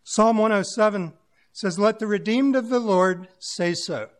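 A man's voice: high-pitched, a little slow. A man preaching a sermon to his congregation, musing aloud in a plain-spoken way and using homely examples.

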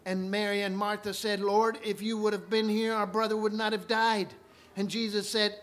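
A man preaching a sermon, retelling scripture stories and swinging from quiet asides to loud, ringing proclamations. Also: sits high, little pitch movement, moderate pace.

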